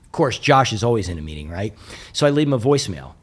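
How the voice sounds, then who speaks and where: Speaking fast in a lowish voice, an American man who works as a motivational speaker tells a humorous story. He's lively and jokey, throwing in frequent asides to his listeners.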